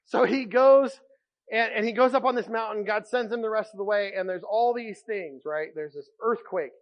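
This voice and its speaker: A male pastor preaching a sermon, telling Bible stories with lively, animated delivery that swings from loud outbursts to hushed tones. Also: sits high, moderate pace, highs cut off.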